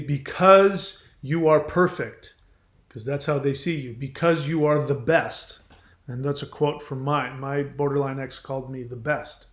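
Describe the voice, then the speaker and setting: A man hosting a conversational advice monologue who slows down to stress key words. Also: fairly high pitch. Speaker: host. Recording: echoey room.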